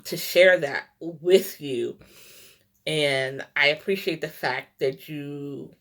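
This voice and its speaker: A middle-aged woman giving a heartfelt devotional talk, in short halting phrases full of "like" and "um". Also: low voice, gravelly, fairly bright tone. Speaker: Christian vlogger. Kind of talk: casual devotional talk to camera.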